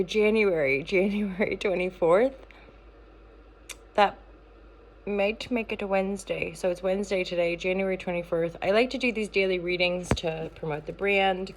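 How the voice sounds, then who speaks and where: A woman's voice: on the low side, slight background noise. A woman giving a casual daily tarot reading, talking in a playful, rambling way with many fillers and restarts. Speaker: tarot reader and channel founder.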